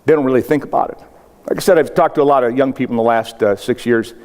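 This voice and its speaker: A man's voice: mid-range voice, fast, a little mellow, clear, resonant tone. An older man from South Dakota, a motivational speaker giving a humorous keynote to a live audience, telling stories with acted-out quotes and punchy asides. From South Dakota, United States. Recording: long hall reverb.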